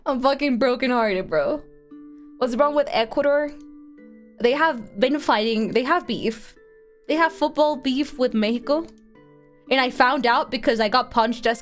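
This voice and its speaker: A young woman from Colombia, chatting excitably on a livestream, laughing often and swearing freely. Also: on the high side. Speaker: streamer. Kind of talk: casual livestream chat.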